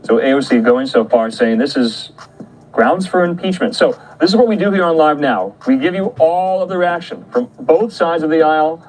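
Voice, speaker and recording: A man anchoring a live news broadcast, reading statements out in a measured way. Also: a little high, lively intonation, a little mellow, poor audio. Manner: measured, reads out quotes.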